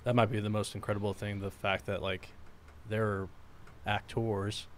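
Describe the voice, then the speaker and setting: A man's voice: on the low side, little pitch movement, normal speed, a little hiss or hum. A man co-hosting a live podcast, chatting casually in an easygoing way. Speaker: podcast co-host.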